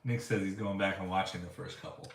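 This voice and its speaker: A man's voice: low-pitched, fairly even intonation, fast. Easygoing man in an echoey room. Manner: easygoing, teasing, reads out viewer comments. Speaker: co-host reading live chat. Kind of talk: casual live-stream chat. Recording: echoey room, distant mic, faint hiss.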